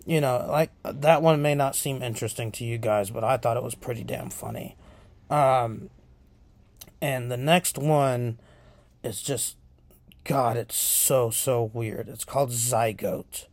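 A man hosting a podcast, casually retelling horror film scenes in a profane, animated way. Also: mid-range voice, unhurried, no room sound. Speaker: podcast host.

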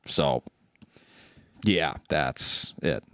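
A man's voice: a bass voice, very slow, a bit bright, no echo, clean studio sound. A man hosting a casual car show, chatting loosely and stammering through his restarts. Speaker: show host and car dealer.

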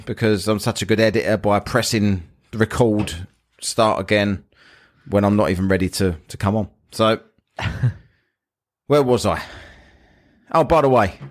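A man hosting a casual podcast chat, joking, rambling and laughing often. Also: fairly low pitch. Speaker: podcast host.

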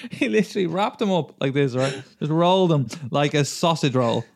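A man's voice: a little high, creaky. A man co-hosting a podcast, telling stories in casual banter and laughing often. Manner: laughs often, animated storytelling. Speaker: podcast co-host.

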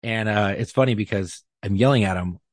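Husky low-voiced man telling a cop story. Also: fairly quick, no room sound. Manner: profane, animated, acts out quotes. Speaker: police officer telling a story. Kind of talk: casual podcast storytelling.

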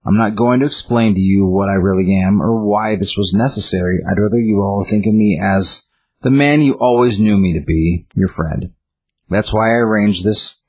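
A man with a low, husky voice reading out the measured, soothing farewell speech of a calm godlike man who has saved his friends from the world's end. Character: calm godlike male host ending the world.

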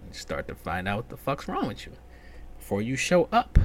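A man hosting a solo comedy podcast, ranting profanely and swinging from loud outbursts to muttered whispered asides. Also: mid-range voice, wildly swooping pitch, a little fast, a little hiss or hum. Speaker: podcast host.

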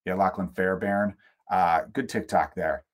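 An American man hosting his own podcast, talking alone in a loose, profane rant. He gets worked up and animated, throwing in sarcastic asides as he goes. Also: sits low, a little slow. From United States. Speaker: podcast host. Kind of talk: casual solo rant.

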